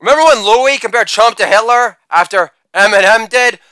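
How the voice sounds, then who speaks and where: A male comedian doing a crude insult roast, with brash delivery and shouted catchphrases. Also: high-pitched, normal speed, clean tone, no room sound.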